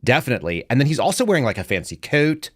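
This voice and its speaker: Fast-talking, animated male host. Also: medium pitch, slightly rough, no room sound, clean studio sound. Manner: rambling, quick asides, joking. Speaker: podcast host. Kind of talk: casual political commentary.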